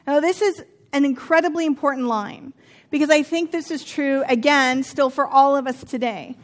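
A woman in her thirties with a high, light voice gives a conversational Bible teaching. She keeps it chatty and wry, slipping in personal asides and jokes between the verses. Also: fairly bright tone.

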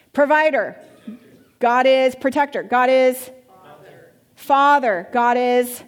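Woman preacher, bit high voice, animated, questions the congregation. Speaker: pastor or Bible teacher. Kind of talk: church teaching. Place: church.

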